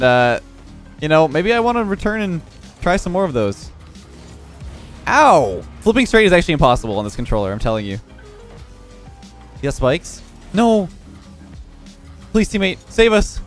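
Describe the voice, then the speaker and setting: A young man giving live commentary over his own gameplay, excitable and quick to laugh, with frequent exclamations. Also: mid-range voice. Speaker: gaming YouTuber.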